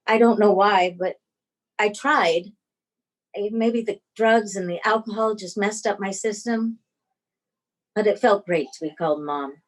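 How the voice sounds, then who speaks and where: A woman performing a dramatic personal story over a video call. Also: mid-range voice. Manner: dramatic, expressive delivery.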